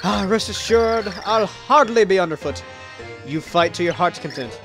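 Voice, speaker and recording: A man's voice: sits high, lively intonation, normal speed, pitched above the performer's own voice. A man with a Southern US accent voicing a smug, florid jester-magician villain with mock politeness while reading game dialogue. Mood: sly. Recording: game music behind.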